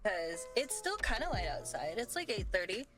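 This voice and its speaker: A woman's voice: mid-range voice, very animated, brisk. A woman talking casually to her camera in a parking lot at night. She is chatty and rambling, and scatters "like" through her sentences. Faint music runs underneath. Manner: chatty, many "like" fillers. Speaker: vlogger. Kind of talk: casual vlog talk.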